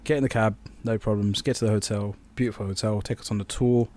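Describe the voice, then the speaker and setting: Sounding a little mellow, a young man co-hosting a podcast rambles through an anecdote and acts out quoted voices in casual storytelling chat. His voice sits on the low side, fairly even in intonation, and moves at a quick pace.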